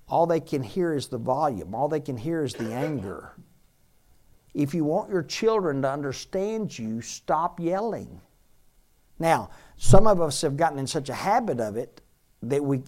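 A man's voice: a little high, a little mellow. A man, a pastor, preaching a sermon in a conversational way and repeating key phrases for emphasis.

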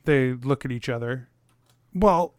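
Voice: medium pitch, measured pace, a little mellow, smooth, dry recording, clean studio sound. A game master narrating a tabletop game off the cuff, hesitant and giggly with lots of fillers.

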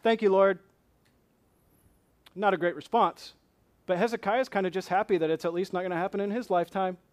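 A man's voice: high voice, fairly even intonation, fast talker. A man, a pastor, preaching a sermon, reading scripture and asking questions with rising intensity.

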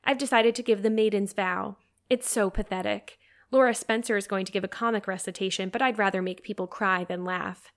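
A woman's voice: medium pitch, fairly even intonation, fairly quick, lightly acted. A woman reading aloud, voicing an eager, dreamy teenage girl who talks effusively. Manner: romantic, effusive.

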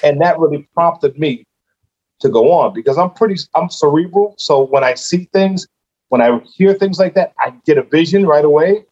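A man's voice: on the high side, animated, moderate pace, a little mellow, dull audio. A man who is a guest on a podcast, telling his story casually and animatedly, acting out his own reactions.

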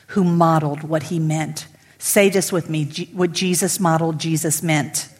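A middle-aged woman pastor, preaching emphatically to women and swinging from loud to whispered. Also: low-pitched, husky, in a large hall. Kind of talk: sermon to women. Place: church sanctuary.

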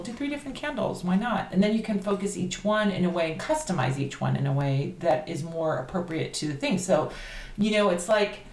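A woman talking casually on a podcast about candle magic, chatty and animated. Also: low-pitched. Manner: chatty, animated, laughs easily. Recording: roomy echo, faint background noise.

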